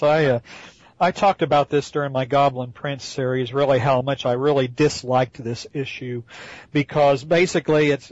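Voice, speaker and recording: A man's voice: mid-range voice, dry recording, lo-fi sound. A man co-hosting a casual chat, sarcastic and fond of mocking with silly voices. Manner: sarcastic, mocks with put-on voices. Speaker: podcast co-host.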